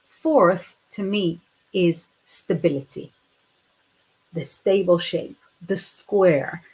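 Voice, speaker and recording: Woman in her fifties from the UK, tarot reader on a live stream, unhurried, reads chat messages aloud. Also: on the low side, slightly rough, poor audio. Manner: reads viewer comments aloud, chatty and warm-hearted. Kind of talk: casual livestream chat.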